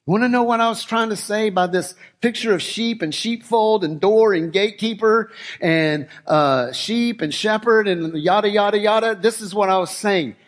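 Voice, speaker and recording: A middle-aged man preaching a sermon, shifting from relaxed storytelling to slow, emphatic declarations. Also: high voice. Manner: conversational storytelling that builds to emphatic, slowed declarations. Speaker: pastor.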